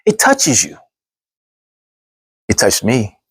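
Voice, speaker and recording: Brief: man narrating his own story, animated, quick to slip into character voices, dry close sound. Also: lowish voice, husky, dry recording. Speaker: speaker telling a personal story. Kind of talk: storytelling speech.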